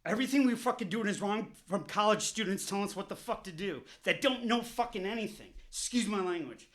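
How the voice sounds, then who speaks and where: A man's voice: high-pitched, lively intonation, fairly quick. A man delivering an angry, profanity-laced political rant on his vlog, heated and repetitive, openly furious. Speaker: vlogger.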